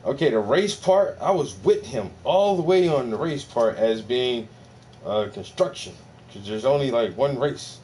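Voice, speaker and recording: With an expressive, mellow, mid-range voice at normal speed, a man from the United States delivers a casual, profane reaction rant about a podcast clip. He mocks it and laughs often, and a little background noise is audible.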